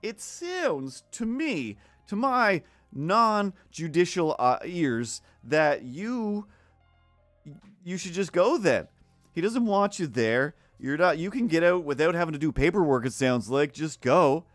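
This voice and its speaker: A man's voice: a little high, big pitch swings, takes it slowly, dry recording, soft background music. Rambling sarcastic man storyteller. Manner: rambling, sarcastic, acts out quoted neighbors. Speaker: streamer. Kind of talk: casual rambling storytelling while drawing. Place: home art stream setup.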